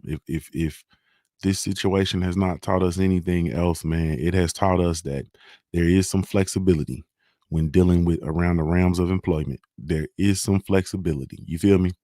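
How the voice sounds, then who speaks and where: A man's voice: deep voice, warm tone, dry recording, studio quality. A man hosting a casual solo morning show, talking in a laid-back way with lots of "man" and "you feel me" as he reads sponsor plugs. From Ohio.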